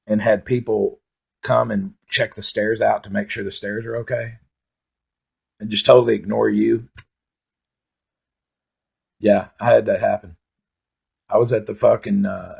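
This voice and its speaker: A man's voice: fairly low pitch, creaky, darkish tone, breathy edge. A man doing rambling, profane stand-up storytelling, full of fillers. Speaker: comedian. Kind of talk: stand-up monologue.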